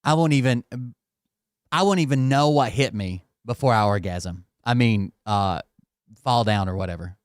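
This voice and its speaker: A man's voice: on the low side, moderate pace, clear, resonant tone, no echo, clean studio sound. A man hosting a reaction commentary, talking casually and mocking the clips he plays with sarcasm and swearing. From Tennessee. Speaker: commentary channel host.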